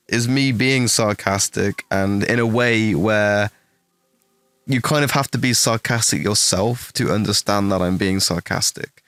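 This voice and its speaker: A man's voice: on the low side, fairly bright tone, no echo. Blunt, profane man from the English West Midlands. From England, West Midlands. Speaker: streamer answering chat questions. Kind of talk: casual livestream chat.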